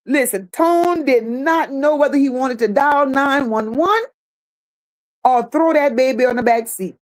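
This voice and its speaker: A woman hosting a reaction channel, gossiping in casual commentary and reading chat comments, animated and laughing. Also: high-pitched, measured pace. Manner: animated, laughing, gossipy with playful put-on voices.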